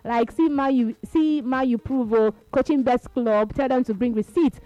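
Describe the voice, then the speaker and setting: A high-pitched Nigerian woman hosts a radio show, reading out listener shout-outs between bursts of laughter. She teases her co-hosts in pidgin-laced English. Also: normal speed, no room sound, highs cut off. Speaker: radio host. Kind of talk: lively radio banter, reading listener messages.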